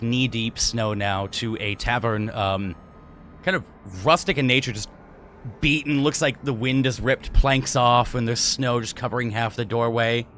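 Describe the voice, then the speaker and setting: A man runs a tabletop game as its narrator, with a voice of middling pitch. He talks in a relaxed, unhurried way and stops often for filler words. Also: slight background noise. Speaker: game master.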